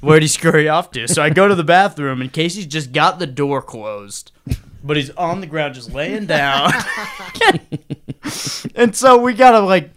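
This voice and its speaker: A man's voice: on the high side, expressive, measured pace, long pauses, fairly bright tone. A man in his late twenties, a podcast co-host, telling a story in wry casual chat. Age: late 20s.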